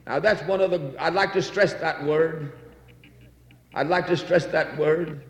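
A man's voice: a little high, measured pace. A man preaching a sermon in a church, fervent and repetitive, reading scripture aloud between exclamations. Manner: fervent, repeats phrases, reads scripture aloud. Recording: echoey hall.

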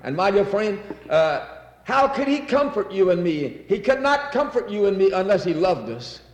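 At normal speed, a man with a high, sing-song voice preaches fervently in a church, repeating himself and reading scripture aloud between exclamations. The recording has the echo of a large hall.

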